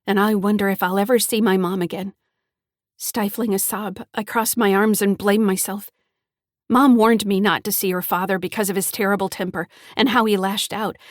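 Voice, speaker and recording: A frightened teenage girl tells her own story in a shaky, pleading voice, as a woman reads the audiobook. Her pitch sits in the middle and the sound is dry and close to the mic. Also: no room sound, natural voice. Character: frightened teenage granddaughter, first-person narrator. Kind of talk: audiobook narration.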